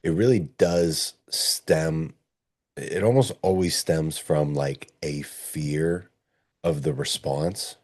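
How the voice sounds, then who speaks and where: Man, very deep voice, slow, thoughtful, hesitant restarts, conversational host. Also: a little mellow. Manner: thoughtful, searching for words with many restarts. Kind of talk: reflective conversation.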